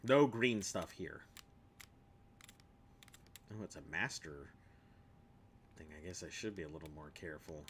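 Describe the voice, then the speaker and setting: A man's voice: deep voice, lively intonation, unhurried, long pauses, slight background noise. A man streaming a video game, chatting casually and jokingly to his viewers as he plays, rambling from one thought to the next. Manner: rambling and jokey, talks to viewers while playing. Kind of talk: casual live gameplay chat.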